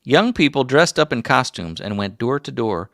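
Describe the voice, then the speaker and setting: A man's voice: mid-range voice, sing-song, moderate pace, fairly bright tone, no room sound, clean studio sound, voice pushed up. A man putting on the voice of a folksy old male prospector while reading out trivia. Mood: folksy, hammy.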